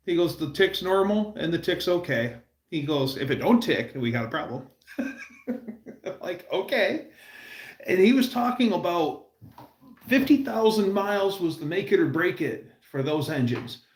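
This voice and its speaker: Male livestream host, unhurried rambling storyteller, echoey room. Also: fairly high pitch. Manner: rambling, self-interrupting anecdotes with laughs. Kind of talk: casual storytelling.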